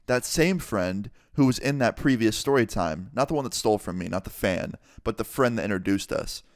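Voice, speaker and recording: A man's voice: on the low side, animated, normal speed, dry recording, studio quality. A young man casually telling a storytime vlog, cursing freely as he retells events. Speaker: YouTuber.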